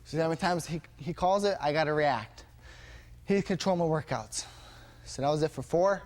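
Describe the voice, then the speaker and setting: An energetic male instructor talks through punch combinations, his voice sitting a little high for a man. He calls out every strike as he throws it. The gym around him is noisy, with steady background sound under his words. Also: moderate pace. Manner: energetic, punctuates moves with "bang". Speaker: martial arts instructor.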